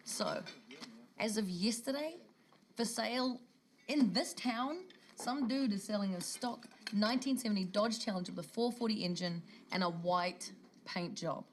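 A woman's voice: mid-range voice, normal speed, a little hiss or hum, lightly acted. A woman with a New Zealand accent playing a brash, car-loving stuntwoman in film dialogue who talks cheekily and swears freely. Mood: cheeky.

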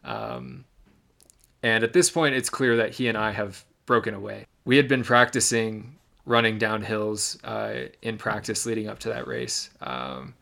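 A man's voice: fairly low pitch, lively intonation, a little slow, gravelly, a bit bright. A young man from Michigan, a podcast co-host, giving a detailed, reflective recap of a race in casual storytelling.

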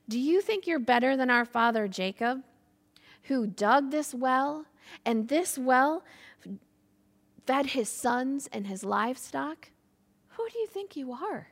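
A woman's voice: high voice, takes it slowly. A woman playing a sarcastic Samaritan woman. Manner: mocking and sarcastic. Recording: echoey hall with long reverb.

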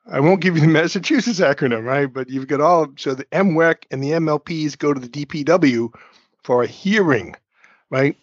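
A man's voice: on the high side, normal speed, no echo, muffled recording. A man hosting a short talk show, explaining things casually and informally, step by step, with asides, before bringing in a guest. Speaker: host. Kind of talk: conversational explainer, interview intro.

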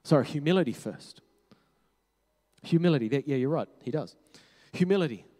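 A man preaching a sermon, talking conversationally, correcting himself and dropping to quiet low tones for emphasis. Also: expressive, brisk. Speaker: pastor. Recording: long hall reverb.

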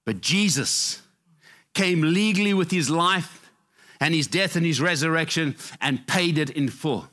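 A middle-aged man preaching a sermon with passionate, repetitive emphasis, rising for key points and dropping low for asides. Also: a little slow, sharp tone. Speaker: pastor.

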